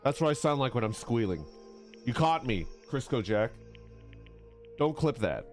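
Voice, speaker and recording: Lively, playful male streamer. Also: a little slow, soft background music. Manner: playful and teasing, bursts into high squeaks and laughter. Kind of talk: casual live-stream game commentary.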